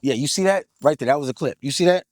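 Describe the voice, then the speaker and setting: Telling his story in an interview, this thirtysomething man is hyped and excitable, talking fast at a medium pitch. Street slang, swearing and "like, like" fillers pack his speech, recorded studio-quality without echo.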